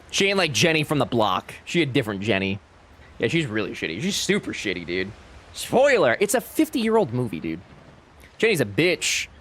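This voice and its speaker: A young man streaming a game live, chatting casually and animatedly with his chat and friends, swearing freely. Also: a little high.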